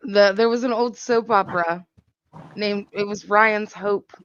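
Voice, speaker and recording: A woman's voice: mid-range voice, steady tone, a little slow, highs cut off. A woman hosting a casual livestream, chatting and often laughing. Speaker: livestream host. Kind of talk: casual chat.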